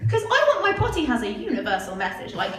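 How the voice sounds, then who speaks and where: A woman's voice: high voice, huge pitch swings, fast, fairly bright tone, far from the mic. Chatty woman doing stand-up. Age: 20s. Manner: chatty, self-mocking, asks the crowd "right?". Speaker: stand-up comedian. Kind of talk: stand-up comedy set. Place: comedy club stage. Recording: echoey club mic heard from afar, audience noise. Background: audience laughter.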